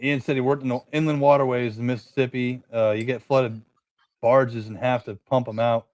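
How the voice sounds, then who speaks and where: A man's voice: medium pitch, level tone, normal speed, darkish tone, dry recording, muffled recording. A man, co-hosting a casual podcast chat, rambling through stories and swearing constantly. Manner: swears a lot, rambling storytelling. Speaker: podcast co-host.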